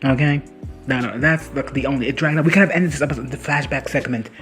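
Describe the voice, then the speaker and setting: A man's voice: mid-range voice, fast talker, fairly bright tone, soft background music. Rambling, foul-mouthed man giving reaction commentary. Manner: rambling, profane, laughs often. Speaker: recap and reaction host.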